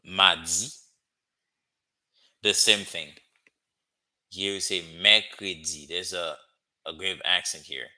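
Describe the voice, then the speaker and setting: Low-voiced guy teaching a language class, slow and repetitive, asks "okay?" a lot. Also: pushed and bright. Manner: slow, repetitive drilling with frequent "okay?" checks. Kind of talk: classroom-style language lesson.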